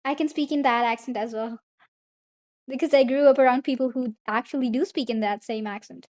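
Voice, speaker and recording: A woman's voice: high-pitched, fairly even intonation, a little fast, a little mellow. A young woman from India, streaming and chatting casually, rambling as she answers chat messages aloud.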